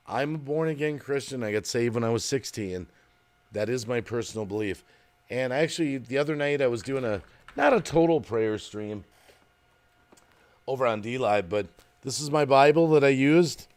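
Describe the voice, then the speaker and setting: A man's voice: mid-range voice, darkish tone. A middle-aged man from Wisconsin chatting casually on a live stream, rambling and reading chat comments aloud. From Wisconsin, USA.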